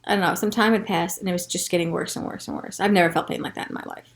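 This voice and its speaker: Her voice is lowish here, with fairly even intonation and a quick pace, as the podcast host frankly and profanely relates a personal story that moves from hushed to heated and frustrated.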